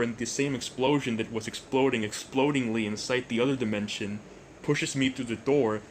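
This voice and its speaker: A young man hosting a storytime vlog, rambling and jokey, with deadpan asides. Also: mid-range voice, a little hiss or hum. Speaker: YouTuber storyteller.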